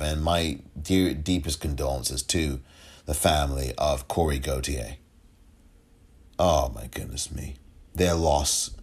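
A man hosting a solo commentary podcast, emotional and halting, often repeating himself. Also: very deep voice. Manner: emotional, halting, repeats himself, audibly moved to near tears. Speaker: podcast host.

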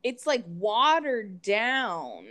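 A woman's voice: fairly high pitch, big pitch swings, very slow, a bit bright. A woman from the Pittsburgh area, co-hosting a podcast in casual chat and laughing often. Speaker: podcast co-host.

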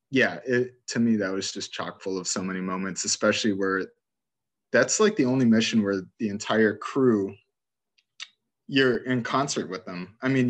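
A man chatting casually about a video game he loves, rambling through favorite scenes and laughing as he retells them. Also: medium pitch.

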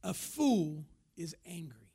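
A man's voice: fairly high pitch, sing-song, slow, vocal fry, dark tone, breathy edge. A man preaching a sermon as pastor, emphatic, now and then acting out the voices of the people he talks about.

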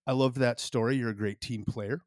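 Podcast guy joking around, middle-pitched voice, dry close sound. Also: steady tone, fairly quick, darkish tone, dry recording. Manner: joking, playful. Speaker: podcast co-host. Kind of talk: casual chat.

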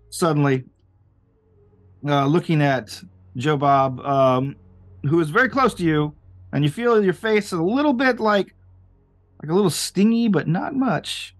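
A man narrating as game master with many pauses and fillers. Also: on the high side, animated, dry recording, soft background music.

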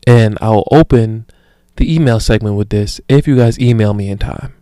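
Podcast host, thirties, male; smooth, dry close-mic sound; profane storyteller who acts out both sides of a conversation. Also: lowish voice, moderate pace, no echo. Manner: profane, animated storytelling with imagined dialogue; grows loud and heated when worked up. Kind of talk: solo rambling podcast talk.

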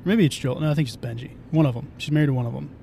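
A man's voice: very fast, creaky, warm tone. A man hosting a casual podcast from a moving car, rambling and swearing, often restarting his sentences. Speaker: podcast host. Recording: faint car rumble.

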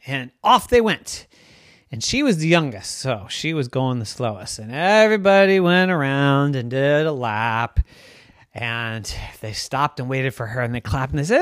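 Animated bedtime storyteller, sing-song and playful, very lively pitch, dry close sound. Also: measured pace, dry recording.

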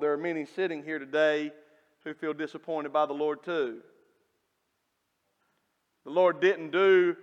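A man preaching a sermon in a church, emphatic, with big swings in loudness and slow, drawn-out lines. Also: sits high, clean tone, dull audio. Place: church sanctuary. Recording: long hall reverb.

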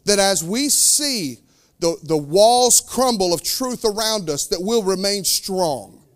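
A man preaching a sermon as pastor, with fervent delivery that swings between loud declarations and quiet, slowed asides. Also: high voice, lively intonation.

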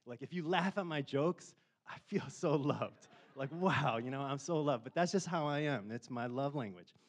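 A man's voice: medium pitch, animated, normal speed. A man in his forties preaching a casual sermon in a chatty, self-deprecating way, rising to impassioned questions at times. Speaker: pastor.

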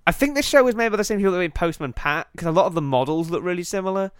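A man's voice: high voice, animated, very fast, clear, resonant tone, dry recording, clean studio sound. A man co-hosting a casual comedy podcast, riffing and laughing as he goes and swearing freely. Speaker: podcast co-host.

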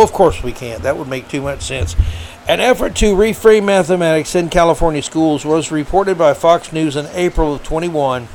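A man's voice: a little high, slight background noise, low-quality recording. A man hosting a podcast, delivering a combative, sarcastic political commentary monologue. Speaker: podcast host.

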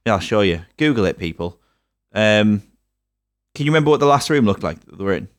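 A man, co-hosting a casual film review podcast and mocking the film with animated asides. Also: on the low side, fairly quick, no echo, studio quality. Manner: animated, mocking, swings into silly put-on voices. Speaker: podcast co-host.

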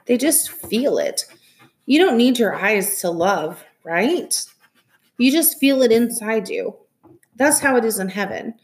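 A woman voicing a tired, tender mother who comforts her son slowly in a soft, near-whispered voice. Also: fairly high pitch, expressive, pitched above the performer's own voice.

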